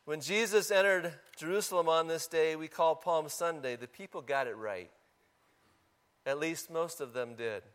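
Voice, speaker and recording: A man delivers a Palm Sunday-style sermon in a church, speaking in a relaxed, conversational way. His voice sits fairly high for a man. He keeps turning to the congregation with questions. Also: normal speed. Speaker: pastor.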